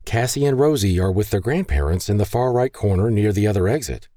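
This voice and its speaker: Man doing a gracious, warm woman doctor. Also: on the low side, lively intonation, a little fast, no room sound, studio quality, pitched above the performer's own voice. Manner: warm, polite.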